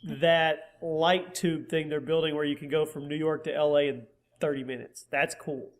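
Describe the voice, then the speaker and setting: A man's voice: fairly high pitch, flat delivery, normal speed. A man with a Southern American accent, teasing and joking in casual podcast chat. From Southern United States.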